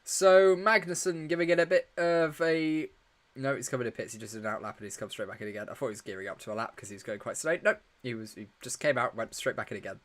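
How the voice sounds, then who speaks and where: Tired, joking stream host. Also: male voice, mid-range voice, quick pace, a bit bright. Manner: chatty, joking, reacting live and answering viewer questions. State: tired, yawning. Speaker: livestream host. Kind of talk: casual live watch-along commentary.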